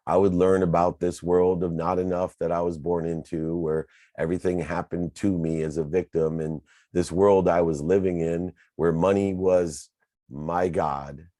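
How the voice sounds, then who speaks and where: A man with an extremely low, mellow voice tells his own story as a motivational talk. He speaks earnestly and with emphasis, stacking his points in repeated lists. The sound is dry and close, with no room around it. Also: level tone, moderate pace, no room sound.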